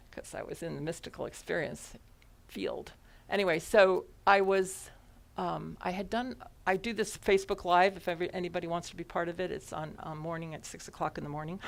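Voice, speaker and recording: A woman's voice: on the low side, creaky. A woman minister giving a sermon to her congregation, speaking into a headset mic and telling a personal story with lots of laughter. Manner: animated storytelling with frequent laughs. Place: church service before a congregation.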